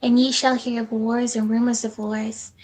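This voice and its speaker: A woman reading scripture aloud in a steady, measured way during a Bible study. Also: on the high side, poor audio. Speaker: scripture reader.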